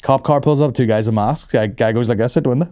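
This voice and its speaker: A man, a comedy podcast host telling stories in a profane, animated way and acting out the other voices. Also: medium pitch, quick pace, no echo. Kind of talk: casual storytelling chat.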